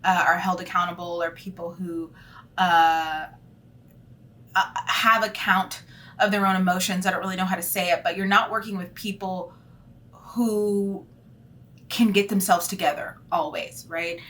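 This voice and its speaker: A woman's voice: fairly low pitch, a little slow. Thirtysomething woman teacher just chatting to camera, candid, lots of ums. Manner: candid and animated, lots of fillers. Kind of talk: casual vlog monologue.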